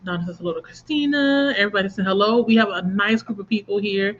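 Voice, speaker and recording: A woman's voice: mid-range voice, fast. A woman hosts a casual reading-sprint livestream, greeting viewers and reading their comments aloud with easy laughter. The sound is a little muffled, with a faint hiss underneath. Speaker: book channel host running a reading sprint livestream.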